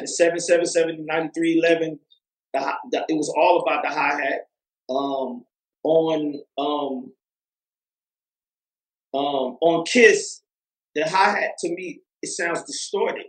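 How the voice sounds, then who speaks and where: A man's voice: a little high, unhurried, long pauses, a bit bright, reverberant, poor audio. A man talking as a music producer guest in a casual interview, rambling with lots of fillers and restarts.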